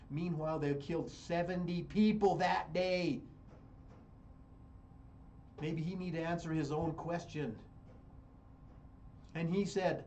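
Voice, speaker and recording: A man's voice: a little high, fairly even intonation, slow, pauses often, darkish tone, slight background noise. An American man hosting a radio show, giving fiery political commentary and repeating phrases for emphasis. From United States. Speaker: radio host.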